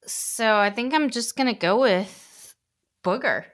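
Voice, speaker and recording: A woman's voice: a little high, slow pace. A woman co-hosting a podcast, introducing segments in a playful, casual way. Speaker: podcast co-host. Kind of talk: casual chat.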